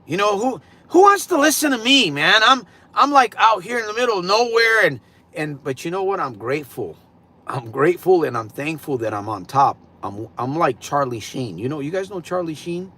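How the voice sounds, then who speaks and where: A man's voice: a little high, expressive, normal speed, bright, forceful tone. A middle-aged man hosting a livestream in casual, rambling talk, repeating himself for emphasis. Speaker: livestream host.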